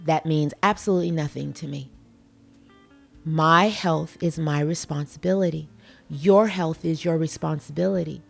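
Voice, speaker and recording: Woman podcast host, gravelly voice, slow deliberate pace, earnest folksy monologue, faint guitar underneath. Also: low voice.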